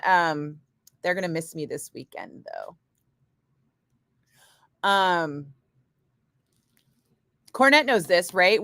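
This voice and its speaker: Livestreaming from a home studio, a middle-aged radio DJ talks casually with her viewers, speaking bluntly, cursing freely and making quick asides to the chat. Her medium-pitched voice is a bit bright, and the studio-quality microphone sound has no room sound.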